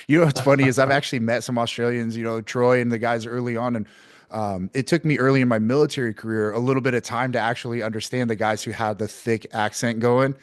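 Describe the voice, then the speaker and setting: A man hosting a podcast interview, chatty and energetic, laughing often as he talks. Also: medium pitch, quick pace, no room sound, clean studio sound. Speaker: podcast host.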